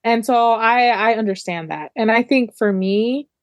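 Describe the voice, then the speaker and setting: A woman's voice: on the high side, a little slow, no echo, clean studio sound. Thoughtful woman in a casual book chat. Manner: thoughtful, explains with many "like"s. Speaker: book club co-host.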